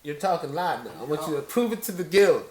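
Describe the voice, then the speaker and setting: A man's voice: on the high side, very animated, fast talker, reverberant, a crowd in the background. A man co-hosting a casual gaming podcast, teasing and joking with his partner. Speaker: podcast co-host. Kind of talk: casual chat.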